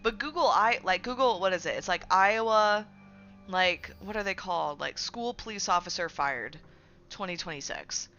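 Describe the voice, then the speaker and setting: A woman's voice: medium pitch, moderate pace, sharp tone, dull audio, soft background music. A woman streamer chatting casually while she games, ranting with plenty of swearing and fillers. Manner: profane, ranting, filler-heavy. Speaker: game streamer. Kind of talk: casual chat while gaming.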